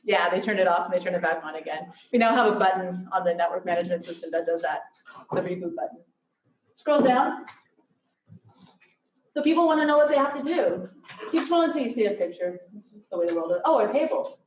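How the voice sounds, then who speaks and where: A woman's voice: lowish voice, animated, brisk. A woman giving an upbeat conference presentation with joking asides. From Silicon Valley. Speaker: workshop presenter. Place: lecture hall. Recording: echoey hall from far off, dull.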